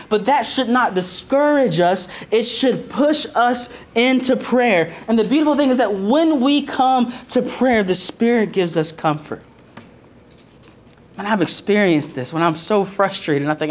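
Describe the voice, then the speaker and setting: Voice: mid-range voice, lively intonation, moderate pace. A preacher giving a casual, conversational sermon. Reads scripture aloud, then retells it in slang, with frequent "like", restarts and laughter. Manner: loose and chatty, heavy use of "like", repeats phrases; laughs often between points.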